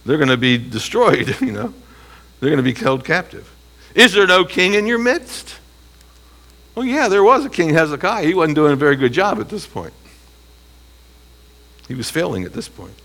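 Bright-voiced man teaching Bible study. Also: fairly high pitch, very animated, moderate pace, creaky, pauses often. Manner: emphatic, asks rhetorical questions and answers them; reads scripture aloud and comments between phrases.

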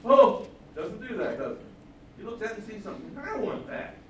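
A man preaching a sermon in an animated storytelling style, often acting out the lines he quotes. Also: sits high, moderate pace, recorded from a distance, a little hiss or hum. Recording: echoey hall, mic from afar.

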